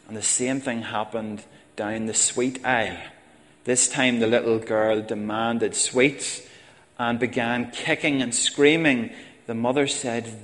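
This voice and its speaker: A man's voice: on the low side, steady tone, measured pace, fairly bright tone, big-room sound. A man preaching a sermon, talking plainly and calling his listeners folks. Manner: conversational, addresses congregation as folks. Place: church.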